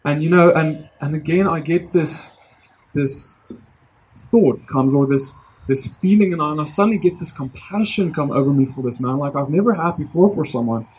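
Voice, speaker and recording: Earnest man telling a story, slightly high. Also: moderate pace, slight background noise, rough recording. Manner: earnest, excited, rambling with many restarts. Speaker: vlogger sharing a testimony. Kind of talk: casual personal storytelling.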